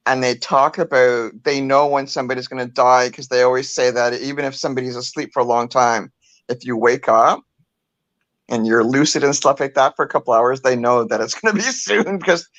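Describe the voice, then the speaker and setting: A woman's voice: very deep voice, a little fast, no room sound, lo-fi sound. An older woman co-hosting a casual talk show, telling stories and laughing often. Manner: animated storyteller, laughs often. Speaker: co-host. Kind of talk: casual chat.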